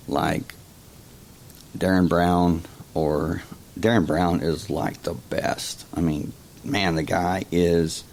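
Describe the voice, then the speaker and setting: A man hosting a casual explanatory monologue, talking slowly and haltingly, often repeating words. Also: low-pitched, a little mellow. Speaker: host.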